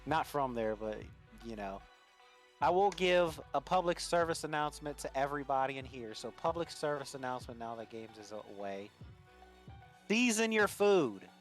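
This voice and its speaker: A man's voice: medium pitch, a little fast, soft background music. A man from Louisiana with a light Cajun accent, a guest chatting bluntly on a livestream and swearing casually. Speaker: stream guest. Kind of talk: casual stream chat.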